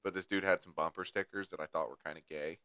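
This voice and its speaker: During casual podcast chat, a young co-host rambles crudely through a long story, swearing all the way. His slightly low voice comes across bright, forceful, and clean, with a steady tone and quick pace. The sound is dry and close, with no echo.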